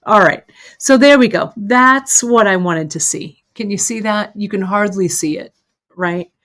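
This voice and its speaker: This beading instructor, a middle-aged woman, speaks unhurriedly in a medium-pitched, slightly bright voice during a live demonstration. She chats away while she works, poking fun at herself and narrating her mistakes.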